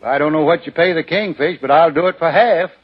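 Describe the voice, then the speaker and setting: Comedian, male: folksy drawl, a bit husky, higher-pitched; 1940s radio comedy banter, muffled broadcast. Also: a little fast. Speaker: comedian guest.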